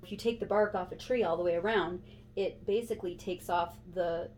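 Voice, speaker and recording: A woman's voice: lowish voice, brisk, slight background noise. A woman hosting a podcast in casual chat, telling a story with lots of laughter. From Montana. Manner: giggly, animated storyteller. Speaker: podcast host.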